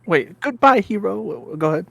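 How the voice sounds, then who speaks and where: A man's voice: sits high, animated, a little fast, gravelly, fairly bright tone, slightly rough, no echo. A man co-hosting a game stream, chatting casually and reading viewer comments aloud.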